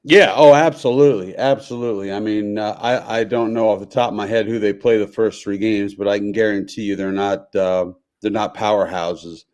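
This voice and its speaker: A man's voice: fairly low pitch, steady tone, a little fast, hardly any pauses, a little mellow. An older man, a sports writer and radio guest, talking casually while coming down with a cold.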